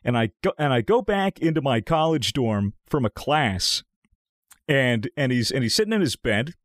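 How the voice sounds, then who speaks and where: Medium in pitch and at a normal speed, this twenty-something podcast co-host sounds clean and studio-recorded, with no room echo. He's animated in casual chat and storytelling, cursing often and performing other people's lines.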